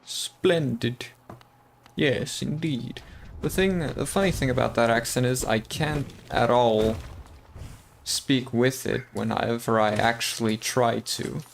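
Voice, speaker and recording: A man's voice: medium pitch, measured pace, creaky, a little hiss or hum. A man with an American-sounding English accent giving casual, chatty commentary while streaming a game and talking to his chat. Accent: American-sounding English learned from TV.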